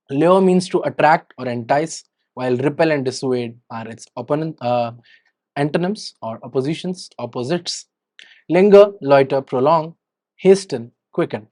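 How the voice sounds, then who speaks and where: A man's voice: medium pitch, a little mellow. A man with an Indian English accent teaching vocabulary, reading word lists and letting his voice rise on each headword and drop on the opposites.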